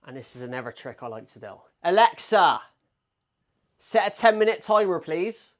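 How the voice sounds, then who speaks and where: A man's voice: high voice, very animated, normal speed. A man with a strong Bristolian accent, chatting casually and swearing as he cooks in his kitchen for a vlog, calling viewers mate. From England. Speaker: vlogger. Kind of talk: casual vlog chat while cooking. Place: home kitchen in a flat. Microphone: small wireless clip mic.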